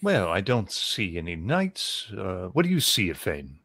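A man's voice: low voice, huge pitch swings, a little slow, a bit bright. A man playing in a tabletop game, often speaking in character with dry, bossy banter. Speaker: player.

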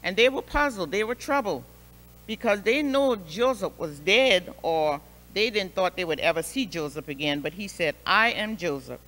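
A woman Sunday school superintendent telling a Bible lesson as a story, expressive and repeating phrases for emphasis, in a church. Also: medium pitch, normal speed. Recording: long hall reverb.

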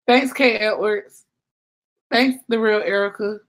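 A woman's voice: medium pitch, takes it slowly, a bit bright. A woman hosting a casual livestream, rambling and chatty as she reads out viewers' comments. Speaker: livestream host.

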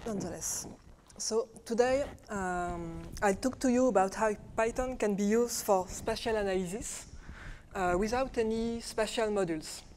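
Woman, French accent, conference speaker, hesitant, many fillers, middle pitch, faint background noise. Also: normal speed, darkish tone. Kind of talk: technical conference talk. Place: conference room.

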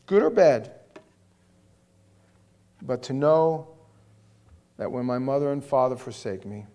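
A man pastor preaching a sermon in a chatty, animated way, swinging from soft asides to loud emphasis. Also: medium pitch, slow, pauses often. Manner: conversational, with filler words.

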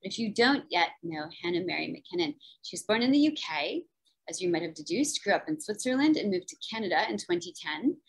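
A woman's voice: on the low side, big pitch swings, brisk, husky, poor audio. A woman from New Jersey hosting a virtual book event on a video call, chatty and enthusiastic. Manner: chatty and enthusiastic, lots of fillers. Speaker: event host and moderator.

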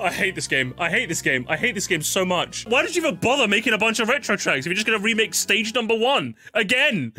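A young man doing casual live-stream commentary while ranking game tracks, swearing a lot and jumping into high-pitched squeals when annoyed. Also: animated, quick pace, hardly any pauses, bright, forceful tone. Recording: game music playing faintly behind.

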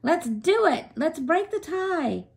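A woman voicing an excited male youth baseball coach who cheers loudly. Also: extremely high pitch, slow, creaky, pitched above the performer's own voice, exaggerated voice. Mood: cheering. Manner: loud, cheering.

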